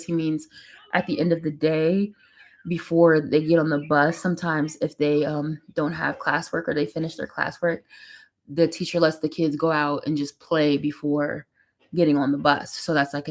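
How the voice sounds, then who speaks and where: Chatty woman vlogging while doing makeup. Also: low voice. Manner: chatty storytelling, acting out quotes. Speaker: vlogger, mother. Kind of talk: casual chat to camera. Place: home.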